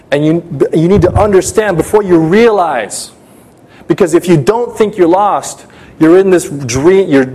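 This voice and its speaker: A man's voice: fairly high pitch, darkish tone, husky. A man preaching an urgent sermon, speaking straight to his listeners and telling a personal story with a lot of drama.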